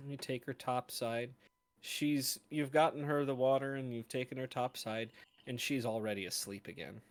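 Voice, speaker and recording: A man in his twenties narrating a tabletop game as game master, with an unhurried manner and plenty of pauses. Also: mid-range voice, fairly even intonation, no echo. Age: 20s. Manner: unhurried, hesitant narration with fillers.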